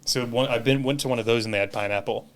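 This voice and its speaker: Relaxed, chatty male podcast host. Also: medium pitch, quick pace. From California. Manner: relaxed, chatty, casual swearing. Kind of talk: casual conversation.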